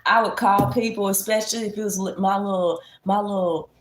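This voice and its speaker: A woman's voice: mid-range voice, fairly even intonation, a little fast. A woman vlogger chatting casually to her viewers, folksy and talkative. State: congested. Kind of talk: casual chat to camera.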